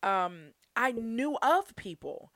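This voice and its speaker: A woman's voice: fairly high pitch, very animated, slow, a bit bright, no room sound, clean studio sound. A young woman hosting her own podcast, talking earnestly and from the heart, laughing often as she goes. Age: young adult. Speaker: podcast host. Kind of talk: solo podcast monologue.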